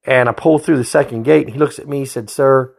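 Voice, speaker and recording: A man's voice: medium pitch, fast talker, gravelly, a little mellow, husky. A man, a state trooper telling a story in a blunt, profane, folksy way. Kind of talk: casual storytelling.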